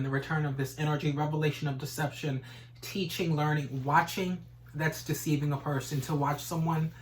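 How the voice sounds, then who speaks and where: A man's voice: a little high, slight background noise, rough recording. A man giving a casual tarot reading, rambling and repeating stock phrases, swearing now and then. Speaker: tarot reader.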